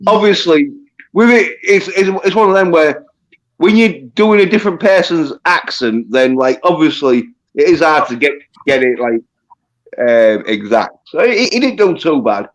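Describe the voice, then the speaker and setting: A man from England chatting casually on a stream, easygoing and a bit halting. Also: fairly high pitch, lively intonation, low-quality recording. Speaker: guest on a stream. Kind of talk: casual chat.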